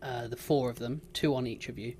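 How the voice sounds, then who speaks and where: A game master narrating a tabletop game, pausing often with ums as they describe scenes. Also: mid-range voice, steady tone, darkish tone, a little hiss or hum. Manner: hesitant, many ums while describing.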